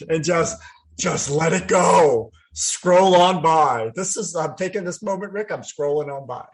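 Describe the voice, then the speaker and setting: A man co-hosting a podcast, chatting casually and expressively, teasing his co-host. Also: fairly high pitch. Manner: expressive, teasing, frequent laughs. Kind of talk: casual chat.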